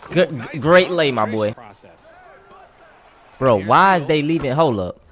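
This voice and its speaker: A man gives excitable, trash-talking commentary while playing a basketball video game, swearing often. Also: on the high side, unhurried, pauses often. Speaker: gaming streamer. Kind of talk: casual gameplay commentary.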